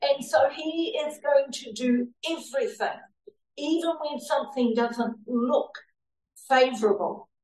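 With a high, darkish voice and a somewhat slow pace, a woman from the church recounts her faith testimony earnestly, sometimes laughing. The distant mic leaves a roomy sound.

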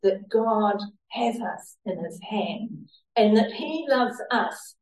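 Telling her testimony as a church member, a woman speaks slowly and animatedly in a mid-range, slightly mellow voice, earnest with the odd laugh. Roomy acoustics come from a far-off mic.

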